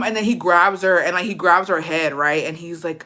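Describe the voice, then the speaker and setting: A young woman on a livestream telling a story in a blunt, profane, animated way, slipping Spanish phrases into her English. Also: on the low side, a little fast. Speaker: livestream host. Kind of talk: casual storytime rant.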